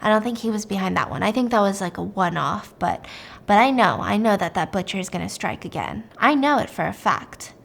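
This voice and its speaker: A woman voicing a male detective who speaks in a low-key, matter-of-fact, hushed way. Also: animated, fairly quick, vocal fry. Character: cool, knowing male detective.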